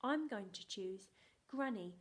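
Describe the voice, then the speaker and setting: A woman's voice: medium pitch, animated, unhurried. A woman teaching a phonics lesson to young children, sounding out letters and often dropping to a whisper. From England. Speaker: primary school teacher.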